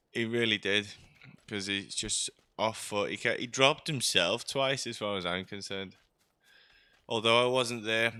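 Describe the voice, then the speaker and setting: Bright-voiced chatty man. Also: on the low side, smooth, no room sound. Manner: chatty, joking, sarcastic asides. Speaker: streamer. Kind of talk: rambling gameplay commentary.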